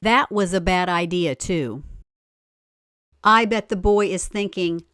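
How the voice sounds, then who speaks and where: A woman reading a children's story aloud in an expressive way, stopping to ask the listener questions. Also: fairly low pitch, slow pace, pauses often, clean tone, no room sound. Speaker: story reader.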